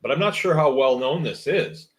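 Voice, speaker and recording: A man's voice: a little high, expressive, moderate pace. A man hosting a livestream, reading out viewer comments and musing in a rambling, wry, casual way. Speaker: host.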